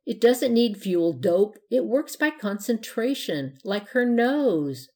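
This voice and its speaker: A woman's voice: a little high, big pitch swings, slow, mellow, voice pushed up. A woman reading a storybook, voicing a cheeky know-it-all boy dressed as a cowboy.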